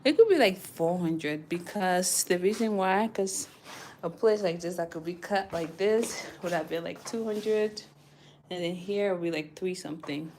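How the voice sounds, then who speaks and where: A woman's voice: fairly low pitch, a little slow, slight background noise. Chatty, laughing young woman vlogger. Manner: chatty, laughs often, animated storytelling. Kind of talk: casual walkthrough vlog. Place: indoors, walking through an apartment.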